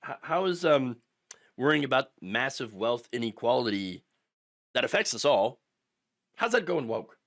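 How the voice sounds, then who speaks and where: A man's voice: mid-range voice, sing-song, moderate pace, long pauses, a bit bright. A middle-aged man ranting through political commentary, sarcastic and mocking, sometimes putting on the voices of his opponents.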